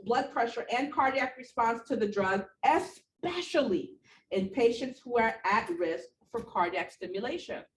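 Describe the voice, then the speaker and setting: A woman teaching a nursing class, lecturing her students with animated, repetitive emphasis and a little out of breath. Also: on the high side, recorded from a distance. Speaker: nursing instructor. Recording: echoey room, voice from afar, faint background noise.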